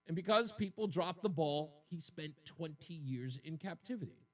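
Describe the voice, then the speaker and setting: Radio host guy, fired up and upset, pretty high voice, mic a bit far off. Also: expressive, moderate pace. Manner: indignant, emotional, repeats points for emphasis. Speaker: radio talk show host. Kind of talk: talk radio monologue.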